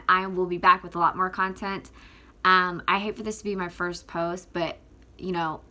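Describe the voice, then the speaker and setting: A tearful woman vlogs straight to camera, and her voice sounds bright and forceful. She speaks in an impassioned, rambling way, stacks up fillers and restarts, and circles back to push her points hard. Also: fairly low pitch. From Northwest Florida. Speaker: activist vlogger. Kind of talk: impassioned direct-to-camera vlog.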